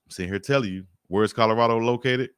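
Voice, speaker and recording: A man's voice: medium pitch, fast, fairly bright tone, smooth, no room sound. A man from Alabama, casually talking sports on a livestream and reading out comments in a laid-back, joking way. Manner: laid-back, joking, chuckles often, repeats himself. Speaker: sports talk host.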